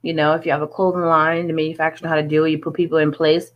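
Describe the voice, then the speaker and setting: Woman, music artist, casual interview, earnest, chatty, lowish voice. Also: level tone, racing, highs cut off. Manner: earnest, chatty, many fillers and asides.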